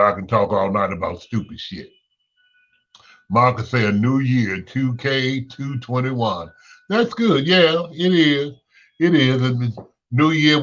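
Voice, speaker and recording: Bright, sassy man ranting, lo-fi. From Chicago. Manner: blunt, sassy, swings pitch up when exasperated. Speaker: talk show host. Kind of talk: unscripted monologue rant.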